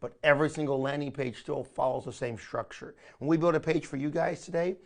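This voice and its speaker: A man leading a recorded training session, talking in an energetic, coaching way and often calling listeners "my friend". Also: a little high, a little fast, creaky. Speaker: online marketing trainer.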